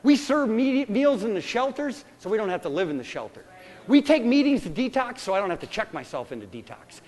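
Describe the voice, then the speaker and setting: A man's voice: high-pitched, sing-song, fairly quick, a little mellow. A male pastor preaching a sermon with passionate, conversational delivery, often restarting his sentences. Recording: long hall reverb.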